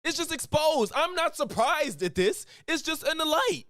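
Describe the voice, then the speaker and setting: A man talking back at a clip in a lively, argumentative way, his pitch climbing high and swinging widely. The sound is close and dry, with no room around it. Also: moderate pace, no echo. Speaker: streamer reacting to a clip. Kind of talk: reaction commentary.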